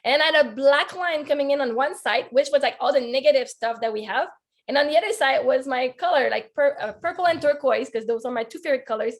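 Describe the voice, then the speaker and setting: A woman's voice: high voice, quick pace. A woman life coach telling a personal story on a video call, earnest and heartfelt, talking with lots of "like" fillers.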